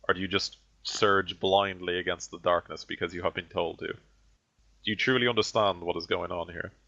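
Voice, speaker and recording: A man voicing a callous, condescending ancient heretic sorcerer who gives slow, grandiose speeches. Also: deep voice, fairly even intonation, pushed and bright. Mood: menacing. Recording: dull lo-fi audio.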